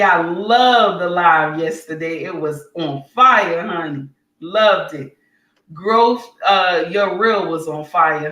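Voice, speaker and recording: Far from the mic in a roomy-sounding space, a livestream host with a lowish voice rants passionately before turning to read the chat. She's blunt and preachy, scolding her audience and sometimes shouting.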